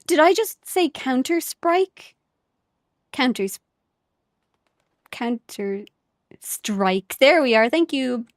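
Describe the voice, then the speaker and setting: A young Irish woman streams a game and chats casually with her viewers, giggly and rambling, often correcting herself. Her voice sits high, and the recording is studio quality with no room sound.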